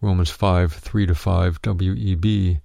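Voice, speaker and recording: A deep-voiced man reads a Bible study aloud, his tone low and gravelly. He speaks in a measured, steady way and reads each verse reference out plainly. The sound is close and dry, with no room around it. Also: dry recording. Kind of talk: scripted narration of a written teaching.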